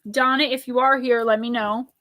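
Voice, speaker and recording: Woman, oracle card reader, live stream host, fairly high voice, chatty, affectionate, soothing when reading. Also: steady tone, sharp tone. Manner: chatty and affectionate, reads cards aloud in a slow soothing cadence.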